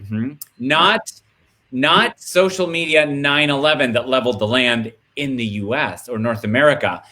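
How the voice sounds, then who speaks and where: A man talking as a guest in a casual video-call chat, animated and rambling in his storytelling. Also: medium pitch, moderate pace.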